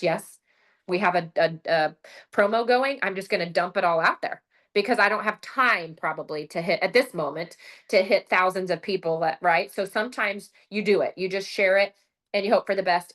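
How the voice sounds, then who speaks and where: A middle-aged woman with a somewhat low voice gives a casual motivational talk on a video call. She is an animated storyteller who acts out what she said. She keeps asking "right?" to draw listeners in. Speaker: presenter sharing her sales story.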